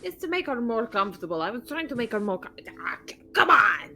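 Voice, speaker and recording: A woman's voice: a little high, very animated, fast talker, crowd noise. A woman player in a tabletop game, chatting casually and laughing while she talks. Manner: giggly, laughing while talking.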